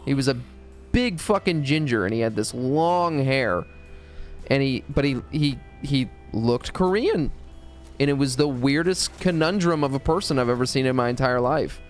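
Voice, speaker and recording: A man's voice: medium pitch, lively intonation, moderate pace, soft background music. A man from the United States streaming live and rambling through a profane, joking story. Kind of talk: casual storytelling.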